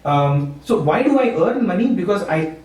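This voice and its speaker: A man's voice: high voice, animated, normal speed, a little mellow. A man from Maharashtra, giving an informal spiritual talk. He speaks conversationally, often checks with "right?" and chuckles. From India, Maharashtra. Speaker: satsang speaker, university teacher. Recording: echoey room, far from the mic, faint hum.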